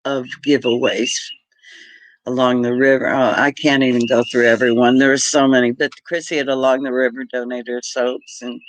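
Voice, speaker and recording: A man's voice: mid-range voice, level tone, normal speed, dry recording, low-quality recording. A middle-aged man from Britain hosting a casual livestream, chatty and laughing often as he greets viewers by name. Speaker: homestead livestream host.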